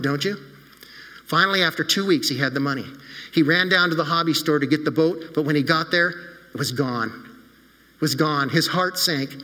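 A man telling a children's sermon story like a lively storyteller, often turning to ask his listeners questions. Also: fairly high pitch, long reverb tail. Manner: animated storyteller who asks his audience questions.

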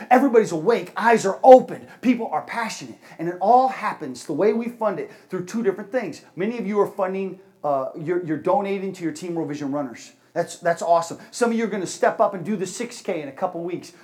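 A man giving an energetic fundraising talk at a church service, swinging between loud bursts and hushed moments. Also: high-pitched. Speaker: charity speaker at a church.

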